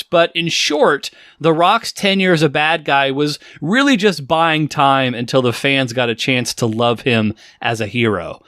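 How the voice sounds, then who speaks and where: Man in his forties, podcast host, lively bright voice, dry close sound. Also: fairly high pitch, no echo. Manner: playful, teasing, jokey asides. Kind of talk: casual podcast chat. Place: home studio in the high desert.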